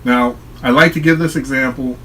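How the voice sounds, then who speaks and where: A man's voice: medium pitch, steady tone, moderate pace, fairly bright tone, a little hiss or hum, poor audio. A man talking straight to his viewers in a solo vlog, explaining his view in an earnest, reflective way. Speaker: online commentator.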